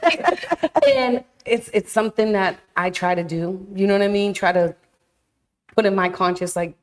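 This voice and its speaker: A grandmother and podcast co-host, a loud self-described yeller, chatting casually and animatedly. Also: mid-range voice, normal speed. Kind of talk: casual chat.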